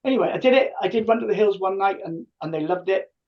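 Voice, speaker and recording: Man, fifties, lively storyteller, muffled lo-fi sound. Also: sits high, fast talker, distant mic. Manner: animated, acts out quoted dialogue. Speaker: podcast guest, tribute band singer. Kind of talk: casual storytelling. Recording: muffled lo-fi audio.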